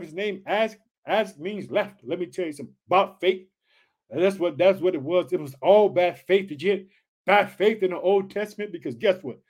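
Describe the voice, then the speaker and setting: Brief: man preacher, high voice, pumped-up exclamatory Bible teaching, calls listeners family. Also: darkish tone. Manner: reads scripture aloud then comments. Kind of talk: energetic Bible study sermon.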